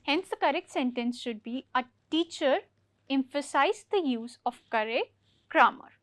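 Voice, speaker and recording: A woman teaching an English grammar lesson for exam preparation, explaining each point slowly and repeating key words. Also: high-pitched, lively intonation, fairly bright tone, dry recording.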